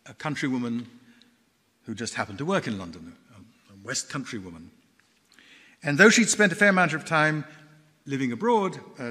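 A man lecturing in a university hall, his bright voice rising and falling with lively intonation. He speaks in a measured way, pausing and filling gaps with small hesitations. The sound carries a long reverb from the hall. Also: medium pitch. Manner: measured storytelling with frequent pauses and fillers. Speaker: guest lecturer. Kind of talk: public lecture.

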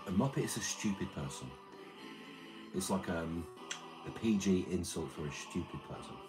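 A man's voice: low-pitched, normal speed. A man reading out and answering chat on a livestream, rambling with crude, mumbled banter. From Britain. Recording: streamer mic with loud music behind. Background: music playing.

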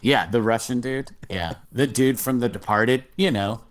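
A man's voice: mid-range voice, normal speed. A man co-hosting a podcast in casual chat, with wry, self-deprecating banter, recorded through a remote streaming app. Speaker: podcast co-host.

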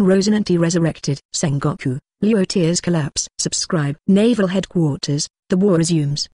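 A text-to-speech voice reading an audiobook in a flat, even manner. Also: mid-range voice, husky, no room sound, studio quality. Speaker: audiobook narrator. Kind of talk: scripted narration.

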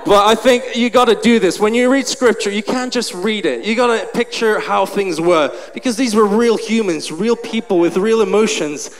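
A man's voice: high-pitched, normal speed, few pauses. A man preaching a sermon, animatedly acting out a story and out of breath. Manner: animated, acts out the scene. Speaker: pastor. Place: large church hall. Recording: long hall reverb, faint noise.

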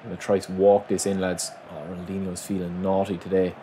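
A man giving live gameplay commentary, swinging between hyped shouting and low muttering as he plays. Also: level tone, fast talker, slight background noise. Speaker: gaming commentator.

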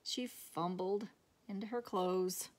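Teacher reading a picture book aloud. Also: female voice, medium pitch, steady tone, slow pace. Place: classroom.

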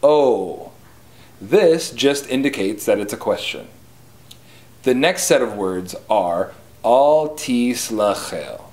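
A man teaching pronunciation, speaking slowly and carefully and repeating each word for learners. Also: mid-range voice, lively intonation, darkish tone. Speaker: language teacher. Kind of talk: slow pronunciation lesson.

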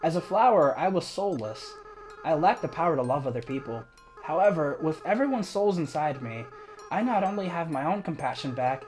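A man voicing a remorseful, tearful young goat-monster boy as he reads a game's dialogue aloud in a soft, slow way. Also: fairly high pitch, lightly acted. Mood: tender. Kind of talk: reading game dialogue aloud.

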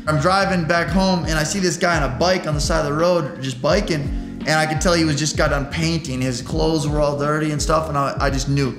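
A man's voice: fairly high pitch, fairly quick. A young man, a guest, telling a story in a casual interview and acting out the voices of the people in it. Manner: animated, acts out quoted voices. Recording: echoey room with music bed.

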